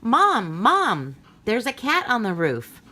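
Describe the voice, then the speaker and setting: A woman voicing an eager young child who begs in a high, wide-eyed way. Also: animated, slow pace, fairly bright tone, heavily acted. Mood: pleading.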